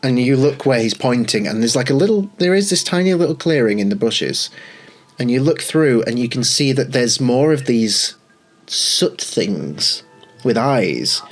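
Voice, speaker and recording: Low-voiced British woman game master. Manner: descriptive, unhurried storytelling. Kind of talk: narrating a tabletop game.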